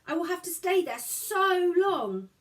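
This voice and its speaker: A woman's voice: high voice, big pitch swings, moderate pace, voice pushed up. Woman reader as small, stubborn, questioning girl; childlike and pleading. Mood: pleading, curious. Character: inquisitive, stubborn little girl.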